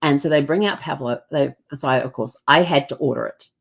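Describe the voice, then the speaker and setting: A woman's voice: low-pitched, fairly quick, gravelly, slightly rough. A woman with a New Zealand accent, telling stories in a casual, chatty way, often laughing and acting out what people said. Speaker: host. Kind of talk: casual storytelling.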